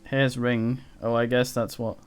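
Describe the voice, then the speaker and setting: A man's voice: medium pitch, flat delivery, a little slow, clear, resonant tone, faint music behind. A male streamer giving casual live commentary while he plays, rambling and swearing, with frequent restarts. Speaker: game streamer.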